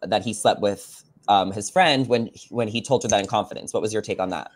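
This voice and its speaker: A man's voice: fairly low pitch, fairly quick, a little hiss or hum. A man hosting a podcast over a video call, chatting casually and asking his guest questions. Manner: chatty, asks questions, many fillers. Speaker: podcast host. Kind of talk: casual chat.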